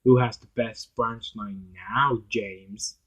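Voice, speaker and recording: A smug, stubborn little engine speaks in a slightly husky voice, as a man puts him on. He sounds self-satisfied and unbending in a homemade storybook tale. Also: fairly low pitch, steady tone, slow pace, highs cut off. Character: proud male tank engine, stubborn and smug.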